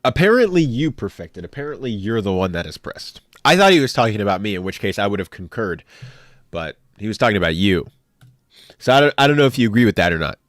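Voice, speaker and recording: A young man streaming live, chatting casually with his viewers in an animated, joking way as he ranks characters on a tier list. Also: fairly low pitch, fast, dry recording, clean studio sound. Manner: animated, jokey, talks back to chat.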